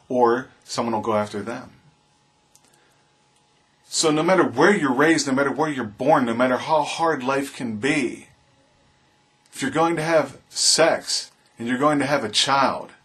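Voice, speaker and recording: A man's voice: medium pitch, fairly bright tone. Earnest man preaching to his camera. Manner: preachy, impassioned, repetitive appeals. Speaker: vlogger. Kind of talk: earnest opinion monologue to camera.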